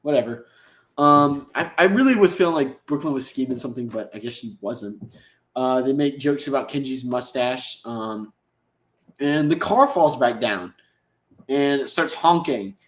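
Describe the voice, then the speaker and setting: A man's voice: mid-range voice, measured pace. A man hosting a podcast, recapping an episode in a casual, rambling, slangy way and acting out the characters' lines. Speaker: podcast host. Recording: echoey room.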